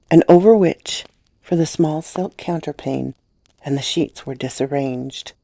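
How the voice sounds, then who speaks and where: A woman narrating a classic ghost story in a measured, expressive reading with hushed passages. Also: low voice, dry recording.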